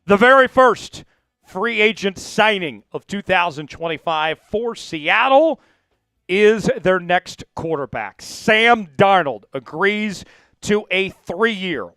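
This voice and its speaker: A man hosting a live sports talk show, speaking to viewers with an energetic, hyped delivery. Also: high voice, smooth, no echo. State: voice cracking, coughing fits.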